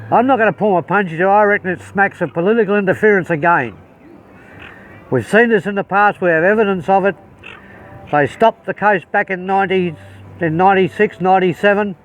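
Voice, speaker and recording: A man's voice: high voice, a bit bright, far from the mic, low-quality recording. Heated blunt Australian man outdoors. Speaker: self-recorded video speaker. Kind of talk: angry to-camera statement. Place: outdoors at a harbour.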